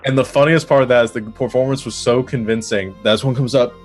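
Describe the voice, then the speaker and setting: A man's voice: medium pitch, fairly even intonation, faint music behind. A man narrating a tabletop game as game master, playful and laughing often. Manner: laughing often, playful, does quick character voices.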